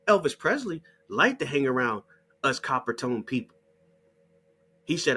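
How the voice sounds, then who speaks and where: A man's voice: medium pitch, sing-song, measured pace, pauses often, pushed and bright, husky. A middle-aged man delivering a heated, mocking monologue full of swearing. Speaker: channel host. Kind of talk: profane ranting monologue.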